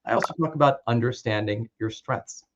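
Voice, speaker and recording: A man's voice: medium pitch, a little fast. A man casually walking through his training video series in a conversational way. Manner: conversational, informal. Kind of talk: casual product walkthrough. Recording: dull lo-fi with clear background noise.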